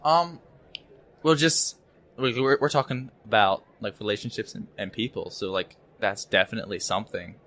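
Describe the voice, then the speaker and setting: A young man as a podcast guest, talking haltingly with many fillers and repeated words at a conference. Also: lowish voice, fairly bright tone. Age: young adult. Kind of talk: casual interview chat. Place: conference venue.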